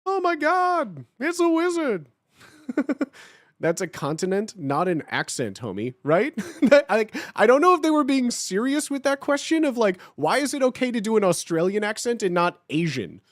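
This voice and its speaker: A young man hosting a live stream with a high, lively voice that jumps all over the place. He chats casually with his viewers, swearing freely and breaking into laughs. The sound is close and dry. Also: moderate pace, no echo. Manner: animated, swears a lot, laughs often. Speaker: livestream host.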